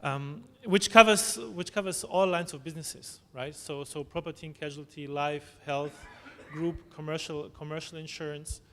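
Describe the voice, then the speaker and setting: A man giving a conference presentation, halting, with frequent restarts and tag questions. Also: on the high side, fairly even intonation, fairly bright tone. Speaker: conference speaker. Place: conference hall. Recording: long hall reverb, faint noise.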